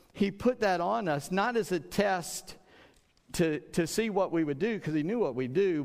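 Gravelly-voiced man preaching in a hall. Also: a little high. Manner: conversational, repeats words, acts out quoted speech. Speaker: pastor. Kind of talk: sermon. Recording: long hall reverb.

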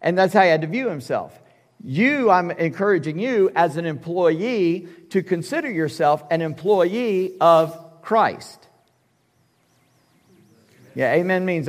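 A man with a high voice preaches a sermon, emphatic and conversational, dropping casual asides to the congregation. His voice rings out with a long reverb through a church sanctuary. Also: lively intonation, normal speed. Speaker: pastor.

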